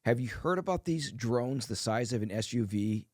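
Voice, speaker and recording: A man from Wisconsin co-hosting a podcast, talking in a rambling, excitable way and restarting sentences. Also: mid-range voice, moderate pace, dry recording, clean studio sound. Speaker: co-host. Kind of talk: casual podcast chat.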